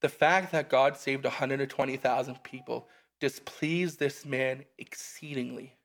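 A man preaching a casual sermon, reading scripture aloud and breaking off for relaxed, conversational asides. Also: mid-range voice, a little slow.

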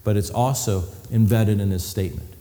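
A male preacher giving a sermon, telling the story with animated delivery and acting out scenes. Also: fairly low pitch, a little fast. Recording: long hall reverb.

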